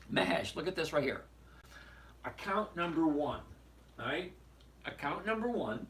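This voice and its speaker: This trading show host answers viewer questions on a casual live stream, reading each one aloud and bluntly going over his on-screen numbers. His voice sits on the high side with a sharp tone, and there's a little hiss or hum.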